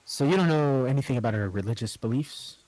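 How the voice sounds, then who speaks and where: A man playing a brisk agent partner. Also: mid-range voice, animated, darkish tone, no echo, close to an everyday voice, poor audio.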